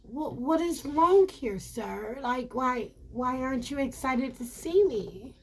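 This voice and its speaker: A woman telling her viewers a personal story in a casual, animated way, repeating herself and calling them y'all. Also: high-pitched, slow, breathy edge.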